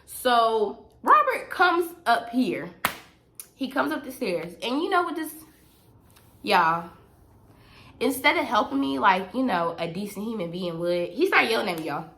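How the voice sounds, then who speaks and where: A woman's voice: a little high, big pitch swings, a little slow, pushed and bright, a little hiss or hum. A young woman telling a personal story on her vlog, emphatic and repetitive, talking straight to her viewers. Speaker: vlogger.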